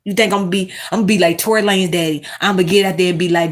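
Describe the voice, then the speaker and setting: Animated swearing woman talking to viewers. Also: on the low side, racing. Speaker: commentary host. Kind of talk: casual commentary monologue.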